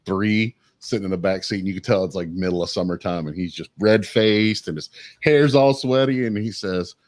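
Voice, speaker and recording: Man, lowish voice, laid-back rambling anecdotes, dry close mic. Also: normal speed, darkish tone, dry recording. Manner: rambling storyteller, swears casually. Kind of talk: casual chat.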